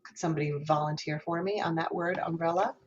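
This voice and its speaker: A woman's voice: on the low side, steady tone, fast talker, dull audio, a little hiss or hum. A woman professor giving a lecture on singing diction, explaining patiently, demonstrating vowel sounds aloud and asking the class questions. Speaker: music education professor.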